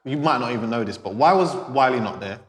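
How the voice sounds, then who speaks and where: Male interviewer, relaxed questions, roomy echo, long reverb. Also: medium pitch, fast. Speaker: interviewer, host. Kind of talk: casual interview.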